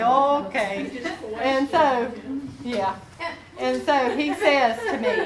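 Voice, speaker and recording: A woman's voice: sits high, measured pace, over a noisy crowd. Woman lecturing nursing students. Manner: folksy, animated storyteller who talks straight to the class. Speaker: nursing instructor. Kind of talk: classroom lecture with storytelling. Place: classroom. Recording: echoey classroom recorded from a distance with noise.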